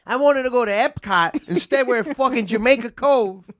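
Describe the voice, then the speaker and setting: A woman's voice: a little high, normal speed, close to an everyday voice. A woman voicing a brash, confrontational middle-aged dad with a New Jersey accent, as a bit in podcast chat. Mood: grumbling.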